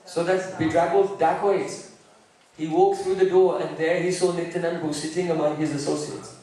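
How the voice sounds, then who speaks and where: A man telling a sacred story in a sermon, with deliberate, vivid delivery and sometimes breaking into song. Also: a little high, fairly even intonation, gravelly, mellow. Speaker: preacher. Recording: very echoey room, mic far off.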